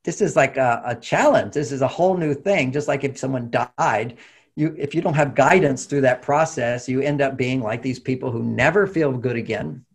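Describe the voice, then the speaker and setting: Brief: male interview guest, gravelly and a little husky, animated advice-giver. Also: medium pitch, moderate pace. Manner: animated, acts out quoted voices, laughs often. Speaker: relationship author and guest. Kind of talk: conversational interview talk.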